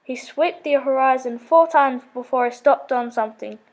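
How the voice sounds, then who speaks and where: A woman's voice: sits high, moderate pace, darkish tone. A woman reading a children's story aloud, with small slips and self-corrections.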